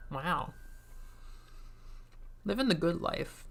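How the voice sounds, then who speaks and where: A woman's voice: lowish voice, lively intonation, very slow, gravelly. A woman streamer giving casual, self-mocking commentary while she plays a game. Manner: chatty, self-mocking, giggly asides. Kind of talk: casual let's-play commentary.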